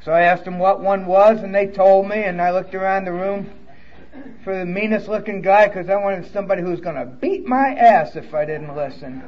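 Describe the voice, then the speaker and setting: A man's voice: high-pitched, moderate pace, dull audio. A man from New York with a New York accent, telling his recovery story at a conference in a candid, emotional way with blunt swearing. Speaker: recovery speaker. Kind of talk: personal testimony at a conference. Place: conference hall.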